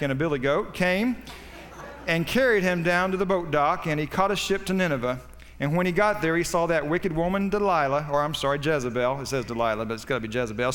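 A man's voice: fairly high pitch, a bit bright, big-room sound. A man preaching a sermon as pastor, with a folksy, joking delivery that rises for punchlines.

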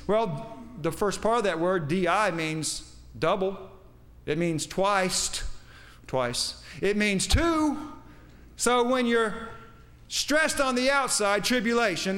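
A pastor preaches a sermon, quoting scripture with emphasis and putting questions to his congregation. His voice is high-pitched and a little bright.

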